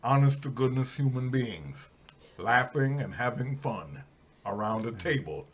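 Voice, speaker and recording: A man doing a grave, slow narrator impression. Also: mid-range voice, animated, a little hiss or hum, natural voice. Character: impression of a famous deep-voiced male narrator, older, grandiose.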